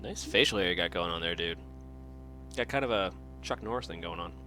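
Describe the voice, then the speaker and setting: A man's voice: low-pitched, brisk, bright, forceful tone. Dude casually joking thru his game, normal voice, music playing underneath. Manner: joking, rambling asides. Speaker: gamer playing through a game.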